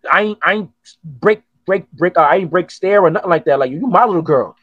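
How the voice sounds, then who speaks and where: A man hosting a podcast, telling stories in an animated, profane, casual way. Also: sits high, fast, no echo, dull audio. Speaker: podcast host. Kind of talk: casual chat.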